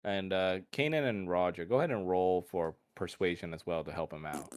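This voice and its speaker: A man's voice: deep voice, fairly quick, no room sound, clean studio sound. A man running a tabletop game as game master, often laughing and doing many side voices.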